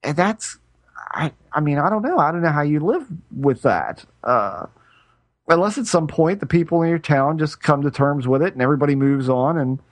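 A man's voice: a little high, expressive, moderate pace, no echo. Rambling middle-aged man telling a story. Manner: rambling, self-interrupting storyteller with frequent restarts. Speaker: podcast co-host. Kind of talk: casual chat.

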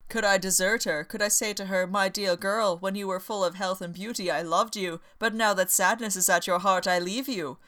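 A woman voicing an earnest, devoted young gentleman who pleads dramatically. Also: medium pitch, fairly even intonation, normal speed, hardly any pauses, lightly acted.

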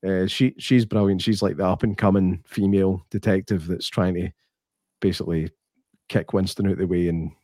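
A man's voice: low voice, normal speed, no room sound, clean studio sound. Sweary Scottish man telling stories. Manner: sweary, animated storyteller who acts out quotes. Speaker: podcast co-host. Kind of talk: casual chat.

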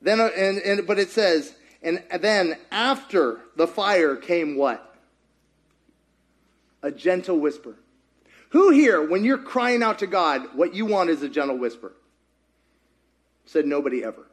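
A man preaching a sermon as pastor, animated and full of questions put to the congregation. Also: high voice, a little slow, long pauses.

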